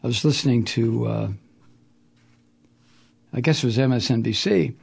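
A man's voice: mid-range voice, moderate pace, vocal fry, breathy edge. A man hosting a political talk radio show, ranting with profanity and sarcasm, then reading sponsor messages. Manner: profane, heated, sarcastic, mocking impressions.

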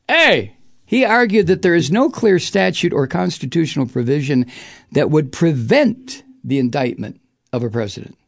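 A man's voice: fairly high pitch, gravelly, no room sound. A man hosting a profane political monologue, reading news aloud and mocking it sarcastically with sudden jeering outbursts. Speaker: political commentary host.

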